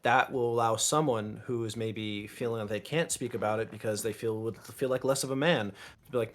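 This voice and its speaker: Guy guest on a podcast, open and chatty, mid-range voice, gets animated telling stories. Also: mid-range voice, normal speed. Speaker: interview guest. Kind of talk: casual podcast chat.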